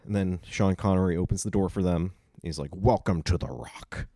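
A man co-hosting a film podcast, recapping scenes casually and bursting into loud quoted lines. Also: deep voice, moderate pace, no echo, clean studio sound. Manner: retells scenes in animated bursts, quoting lines loudly. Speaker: podcast co-host.

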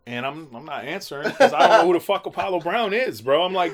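Animated slangy man telling stories. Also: a little high, fast. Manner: animated, acts out quotes, swears freely, slangy. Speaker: music producer guest. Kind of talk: casual storytelling interview.

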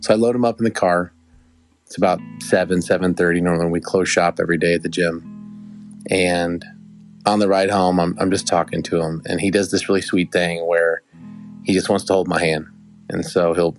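Deep gravelly man telling a story. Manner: rambling, affectionate, with restarts. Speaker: podcast host. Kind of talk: casual storytelling.

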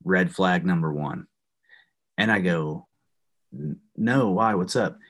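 A man's voice: low voice, slow pace, a bit bright. A young adult man, a former wrestler, telling a heated story on a podcast with lots of swearing. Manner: profane, heated, swears often. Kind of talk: casual storytelling.

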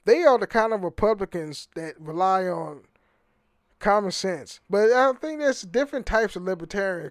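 A man's voice: sits high, dry recording, studio quality. A young American man hosting his own podcast, rambling and profane, often stumbling and repeating words as he restarts sentences. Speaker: podcast host. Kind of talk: casual solo podcast monologue.

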